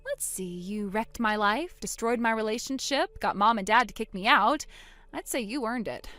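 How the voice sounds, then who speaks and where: A woman voicing a wronged older sister in a dramatized text-message story, speaking quietly and deliberately. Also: on the high side, no room sound. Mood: cold.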